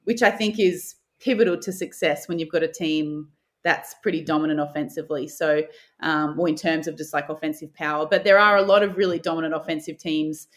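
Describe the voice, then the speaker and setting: A woman's voice: deep voice, steady tone, a little fast. A young woman, a basketball player guest in an interview, telling stories casually and acting out her own thoughts with the odd swear. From Australia.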